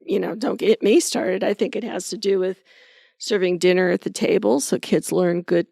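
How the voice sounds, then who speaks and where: Woman, podcast co-host, heavy vocal fry, dry close sound, opinionated casual chat. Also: medium pitch, fairly even intonation, moderate pace, mellow, dry recording. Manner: opinionated, firm about manners.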